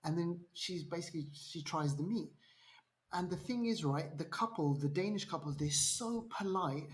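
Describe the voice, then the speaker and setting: A man's voice: a little high, moderate pace. A man co-hosting a podcast, casually retelling a film plot with lots of restarts and acted-out lines. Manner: animated storyteller, acts out quotes, many restarts. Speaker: podcast co-host. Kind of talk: casual film review chat.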